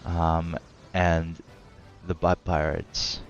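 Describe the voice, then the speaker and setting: A man's voice: low voice, flat delivery, slow, dull audio, faint music behind. A man narrating as game master of a tabletop game, laid-back and hesitant, often laughing.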